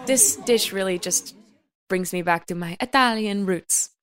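A woman's voice: mid-range voice, unhurried, lightly acted. A woman playing a bubbly, gushing TV cooking show host in an improvised comedy sketch. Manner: bubbly, gushing, narrates crowd reactions.

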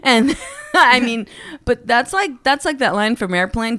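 A woman in her forties, a stand-up comedian, telling animated stories with frequent laughs in a casual podcast chat. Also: a little high, no echo. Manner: animated, laughs often, quick asides. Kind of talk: casual anecdote storytelling.

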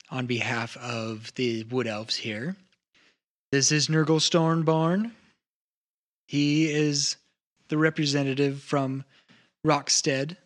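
Man doing a female elf councilor, composed, formal, slow and deliberate, bright tone, pitched up. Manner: measured, formal diplomatic speech.

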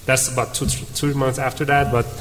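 On a conference panel, a man with a medium-pitched voice tells a story fairly quickly, animatedly acting out the dialogue as he goes. The hall is reverberant, with faint room noise.

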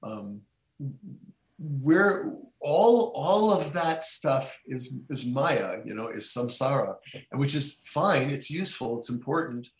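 A man's voice: mid-range voice, animated, slow pace. A middle-aged man talking casually as a podcast guest, rambling with many restarts and fillers. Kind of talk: casual conversation. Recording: echoey room.

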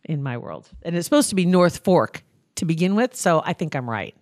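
Podcast host from nebraska, chatty, laughs a lot, mid pitch, dry close sound. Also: very animated, fairly quick, a little mellow, no echo. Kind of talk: casual chat.

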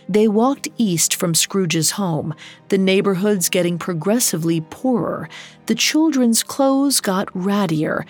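A woman narrating a scripted storybook in a measured, gently dramatic way. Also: mid-range voice.

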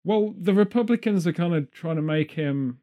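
A British man in casual conversation, his voice sitting a little higher than most men's. He rambles from point to point with a jokey, offhand manner. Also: animated, moderate pace, dark tone. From United Kingdom. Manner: rambling, jokey, slips into silly put-on voices. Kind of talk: casual chat.

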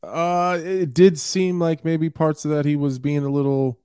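Relaxed co-host man, dry sound. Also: fairly high pitch, unhurried, clean tone, dry recording. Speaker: podcast co-host. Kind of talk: casual chat.

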